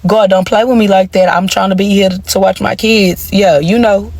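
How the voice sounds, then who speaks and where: A woman telling a storytime vlog in an animated, profane and emphatic way. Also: medium pitch, moderate pace. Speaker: storytime vlogger.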